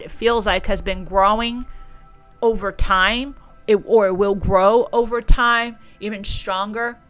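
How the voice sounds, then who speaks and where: Gushing woman tarot reader, bright tone. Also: mid-range voice. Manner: gushing, emotional, repeats words. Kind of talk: channeled tarot reading.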